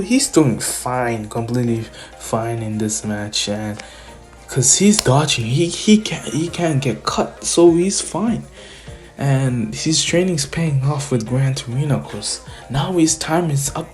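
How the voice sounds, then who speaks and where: A man's voice: mid-range voice, takes it slowly, darkish tone. Young guy rambling through a fan story, faint music under it. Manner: rambling, uses "he's like" a lot. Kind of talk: casual story retelling.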